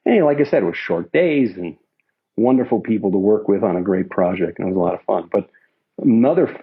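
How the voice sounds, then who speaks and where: Middle-aged man, film crew storyteller; husky, mid-pitched, rambling, on dull lo-fi interview audio. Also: animated, brisk. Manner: rambling, lots of restarts and asides. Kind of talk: anecdotal storytelling.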